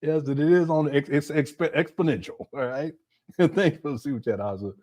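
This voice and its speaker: A man's voice: a little high, normal speed, a little mellow. A man hosting a casual livestream, reacting to clips with frequent laughter and disbelief. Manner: laughing often, incredulous, chatty.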